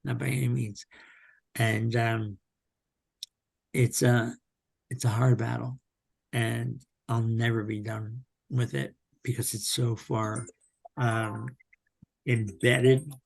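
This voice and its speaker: Slow, gravelly man speaking haltingly. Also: mid-range voice, little pitch movement. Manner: slow, halting, with many pauses and fillers. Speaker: podcast guest. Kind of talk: candid personal interview.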